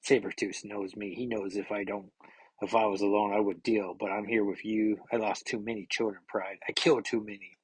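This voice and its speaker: A man voicing a grim, guilt-ridden middle-aged brawler in a low, subdued, husky voice. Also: flat delivery, fairly quick, no echo, low-quality recording. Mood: brooding.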